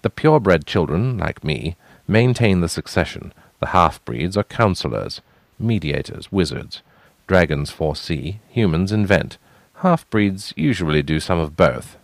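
A man's voice: low-pitched, animated, measured pace, vocal fry, dry recording, full character voice. A man voicing a weary but proud young royal half-brother, earnest as he explains.

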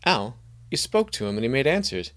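A man voicing a friendly young stable hand who talks in a lively, raised tone. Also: mid-range voice, a little fast, voice pushed up. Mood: curious.

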